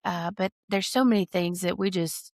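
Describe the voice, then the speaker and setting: A woman's voice: lowish voice, moderate pace, a little mellow, no room sound, clean studio sound. A woman hosting a conversational interview, who speaks in an earnest, reflective way and often rephrases mid-sentence. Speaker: podcast host and hospice doula.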